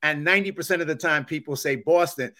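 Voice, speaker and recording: A man's voice: fairly high pitch, quick pace, pushed and bright. A man with a New York accent hosting a podcast in casual, friendly chat. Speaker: podcast host.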